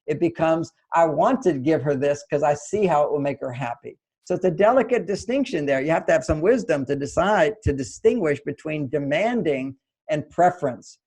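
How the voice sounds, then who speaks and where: Older man, mellow voice, gentle advice. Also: a little high, rough recording. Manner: gentle, explanatory, acts out little dialogues. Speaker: relationship author and guest. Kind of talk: conversational advice interview.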